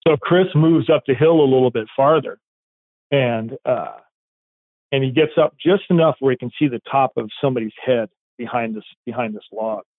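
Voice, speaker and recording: A man's voice: medium pitch, moderate pace, dry recording. Man telling a story over a tinny line. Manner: rambling, acts out quoted dialogue. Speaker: police K9 handler. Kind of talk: casual storytelling. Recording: tinny phone-like line, dry.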